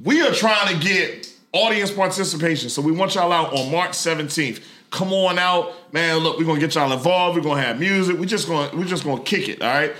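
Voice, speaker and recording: A man in his forties hosting a casual live podcast with friends, loud and laughing as he hypes an event. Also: a little high, fairly quick, hardly any pauses. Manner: loud, laughing, hyped promoter. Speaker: podcast host.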